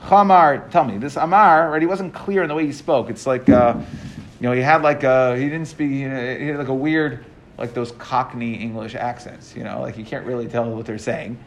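A man teaching a class, reading passages aloud and explaining them in casual, halting English with frequent restarts. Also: medium pitch, steady tone. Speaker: Talmud teacher.

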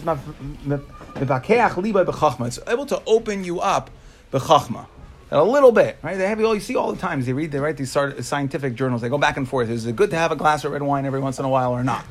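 A man teaches a Talmud class in a classroom, his voice sitting somewhat high for a man. He explains in quick bursts, posing rhetorical questions and answering them himself.

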